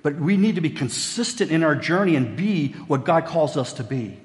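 A man's voice: fairly high pitch, lively intonation, moderate pace. Man, middle-aged, pastor, folksy sermon, long hall reverb. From West Virginia, USA. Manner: folksy, storytelling, jokey asides.

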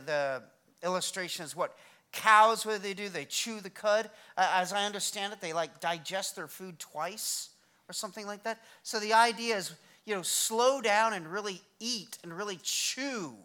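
Lively, bright-voiced preaching man. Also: sits high. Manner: energetic, conversational preaching with self-deprecating humor. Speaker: pastor. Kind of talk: sermon.

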